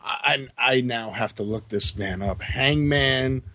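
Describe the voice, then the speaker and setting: A man's voice: mid-range voice, unhurried, sharp tone, no room sound. A man co-hosting a podcast, making sarcastic, joking asides in casual chat. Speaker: podcast co-host.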